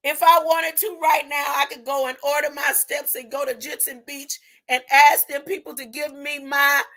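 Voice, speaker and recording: A woman's voice: high-pitched, little pitch movement. A woman giving an impassioned spiritual monologue, drawing her words out and tagging her points with a rising "huh?". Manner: drawn-out, deliberate phrasing with sudden loud bursts. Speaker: spiritual video preacher.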